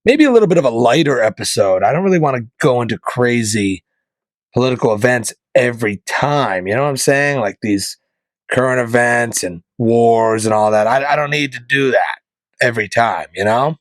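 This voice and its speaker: Male podcast host from northeastern Pennsylvania, mid-pitched, deadpan, rambling comic monologue on a dry mic. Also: normal speed, no room sound. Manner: deadpan joking, rambling asides. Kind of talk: casual comedic monologue.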